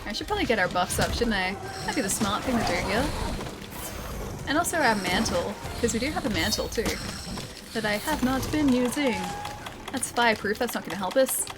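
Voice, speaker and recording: Streamer: young woman, slightly high voice, chatty and giggly, game music loud underneath. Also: animated, a little fast. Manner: chatty, laughs often, reads viewer comments aloud. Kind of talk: casual live-stream chat.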